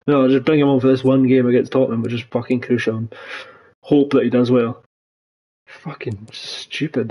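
A man's voice: mid-range voice, dark tone, slightly rough, poor audio. A young man commentating his football video game, ranting and swearing at the play. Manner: swears a lot, rants, voice jumps up when angry. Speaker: gaming channel host. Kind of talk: frustrated gameplay commentary.

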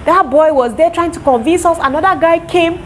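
A young Cameroonian woman telling a casual storytime to her viewers, lively and animated. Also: very high-pitched, fairly quick, a little hiss or hum. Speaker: vlogger.

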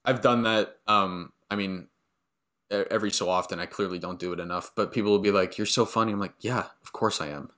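A man hosting a casual interview, easygoing, with halting restarts. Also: deep voice, fairly even intonation, fairly bright tone. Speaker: podcast host.

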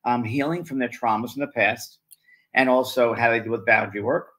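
A man's voice: medium pitch, fairly even intonation, a little fast, a bit bright, a little hiss or hum, low-quality recording. An older man co-hosting a spiritual talk show, telling stories casually with lots of fillers and restarts. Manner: rambling, with many fillers and restarts. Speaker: co-host, spiritual medium. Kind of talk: casual conversational storytelling.

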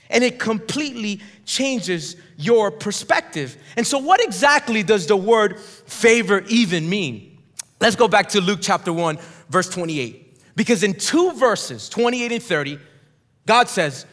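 High-voiced preaching man in reverberant hall. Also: expressive, unhurried, a bit bright. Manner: emphatic preaching, calls for congregation responses. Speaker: pastor. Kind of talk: sermon. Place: large church auditorium.

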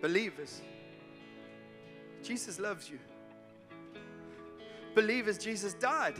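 A man from South Africa preaching a sermon as a pastor, moving from hushed pleas to loud urgent calls. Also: sits high, lively intonation, slow pace. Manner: emotional, swings from hushed to shouting. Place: church hall. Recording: church hall reverb with soft music.

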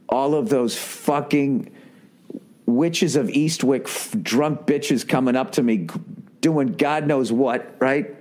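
A man hosting a solo podcast, telling profane, animated stories in a comedic rant full of fillers. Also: mid-range voice. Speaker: podcast host.

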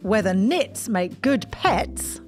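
A middle-aged woman co-hosting a podcast with her son, joking along in a gently mocking way. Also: mid-range voice, big pitch swings, slow pace, soft background music. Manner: warm-humoured, gently mocking. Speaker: podcast co-host, mother. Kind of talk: casual chat.

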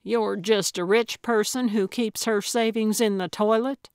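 A woman's voice: medium pitch, steady tone, unhurried, smooth, no room sound, clean studio sound, voice pushed up, lightly acted. A woman voicing a feisty elderly female sleuth who talks bluntly and sarcastically. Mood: eager.

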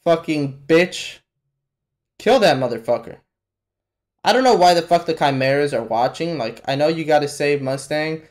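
A man hosting a live anime reaction, talking casually and profanely, with sudden loud exclamations at what he sees. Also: fairly high pitch, expressive, normal speed. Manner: casual slangy talk to the viewer. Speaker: reaction channel host.

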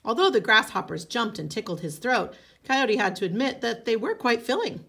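Gravelly woman reading a story aloud. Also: fairly high pitch, moderate pace. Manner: expressive, with casual asides. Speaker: teacher.

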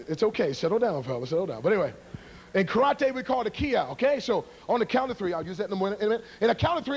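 A joking, energetic evangelist with a fairly high male voice, teasing a church congregation before a karate demonstration. He is middle-aged and talks with quick humor and showmanship. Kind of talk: humorous sermon introduction to a live congregation. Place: church before a live audience.

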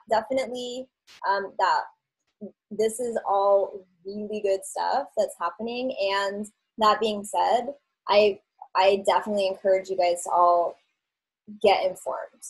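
A woman's voice: medium pitch, normal speed, a little mellow, breathy edge, rough recording. A woman hosting a team call, giving a casual, encouraging pep talk full of fillers.

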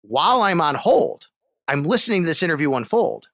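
Recorded dry in a clean studio, a man who hosts sports radio guests on a podcast and tells an animated story. His voice is fairly high and fairly quick, and he performs the other characters' voices.

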